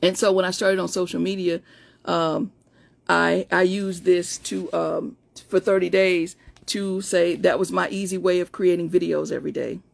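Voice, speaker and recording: A woman coach chatting excitedly and directly with her followers during a live stream from home, and reading out her own pep talks. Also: fairly low pitch, normal speed, creaky. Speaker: motivational coach. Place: at home, indoors.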